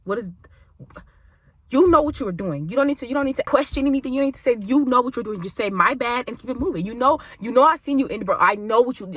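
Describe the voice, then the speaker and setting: A young adult woman telling a college story to viewers in an animated, exclamatory way, repeating phrases for emphasis. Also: a little high, quick pace, no echo. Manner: animated, exclamatory, speaks straight to viewers as "y'all". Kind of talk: storytime vlog.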